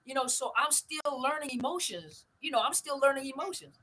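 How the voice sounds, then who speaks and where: A woman's voice: high-pitched, lively intonation, a little fast, hardly any pauses, sharp tone, poor audio. An older woman, hosting a family conversation and telling stories with emphatic repetition. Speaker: host.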